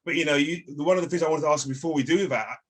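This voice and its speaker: A man's voice: on the high side, very fast. A man hosting a casual interview over a video call. He talks in a friendly way and often repeats his words as he goes. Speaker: interview host.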